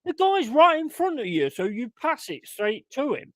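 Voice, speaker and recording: A man's voice: very high-pitched, sing-song, normal speed, few pauses, fairly bright tone, no room sound. A man hosting a fan watchalong, calling the match and bursting into swearing, exasperated rants. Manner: swearing, exasperated ranting outbursts. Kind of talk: live match commentary and chat.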